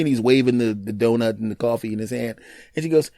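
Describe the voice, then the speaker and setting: Man, podcast host, animated storyteller, dry close mic. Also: mid-range voice, dry recording. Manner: animated, acts out other people's lines in quick put-on voices. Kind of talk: casual storytelling monologue.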